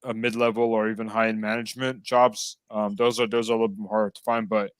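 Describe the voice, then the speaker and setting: A man's voice: lowish voice, flat delivery, fast, slight background noise. A man in a casual chat who rambles, with lots of fillers and restarts.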